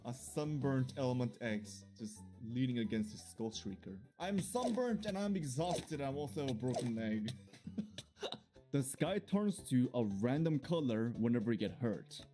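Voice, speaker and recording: A man giving jokey gameplay commentary for his video, excitable and laughing often. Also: mid-range voice, moderate pace, faint music behind. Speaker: gaming video creator.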